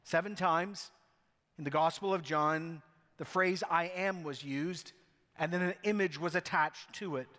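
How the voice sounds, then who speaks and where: A man preaching from the pulpit, his voice sitting a little high for a man. He is a pastor with a wry, self-mocking way of telling stories. A long reverb trails each phrase through the church. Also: a little slow, pushed and bright. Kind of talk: sermon.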